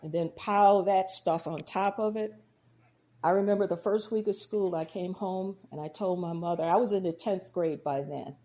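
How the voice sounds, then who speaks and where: A woman's voice: fairly low pitch, normal speed, dark tone. A woman from Georgia with a Midwestern accent, a podcast guest and deacon sharing her personal testimony, telling stories and acting out the dialogue. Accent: Midwestern American. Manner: storytelling, acts out quoted dialogue.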